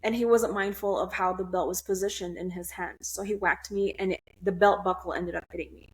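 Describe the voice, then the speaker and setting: A woman's voice: medium pitch, fairly even intonation, brisk. A young woman guest on a podcast, telling a personal story in a blunt, candid way, swearing freely and restarting her sentences.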